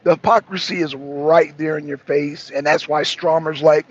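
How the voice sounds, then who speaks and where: Stream host, male, raised pitch with a raspy edge, keeps hammering his point and argues with chat. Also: normal speed, highs cut off. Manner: emphatic, repeats himself, argues back. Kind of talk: livestream commentary answering chat.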